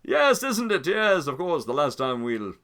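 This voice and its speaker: An overly courteous, genteel schemer with a high, bright voice that lilts and swoops, as a man puts him on. His politeness carries menace, as in a tabletop game. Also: very animated, moderate pace. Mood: silkily polite. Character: smooth, menacingly polite male old acquaintance.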